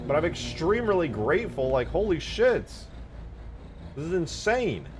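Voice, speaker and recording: A man live-streaming casual chat, excitable and foul-mouthed, yelling thanks to his chat and then mumbling asides. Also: fairly high pitch, a little slow, a little hiss or hum. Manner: excitable, swears a lot, yells thanks to chat; swings between mumbling asides and loud outbursts. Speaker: livestreamer and game modder.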